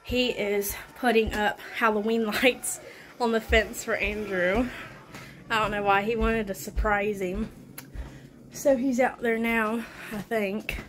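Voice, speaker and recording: A woman chatting casually to camera at home, rambling with soft laughs, a bit out of breath. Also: fairly high pitch, fairly even intonation, slow pace, a little hiss or hum. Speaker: vlogger. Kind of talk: casual home vlog chat. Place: home, indoors and outdoors.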